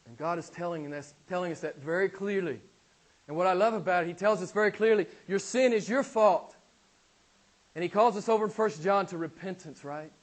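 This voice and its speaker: Male pastor, high voice, emphatic sermon delivery, acts out quoted voices. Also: fast. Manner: emphatic preaching, acts out voices of people blaming God. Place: church.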